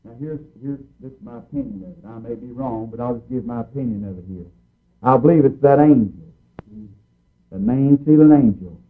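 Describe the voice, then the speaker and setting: A man's voice: mid-range voice, sing-song, fairly quick. A man preaching a fervent sermon in a folksy, emphatic way, repeating his points over and over. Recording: tinny phone-like recording.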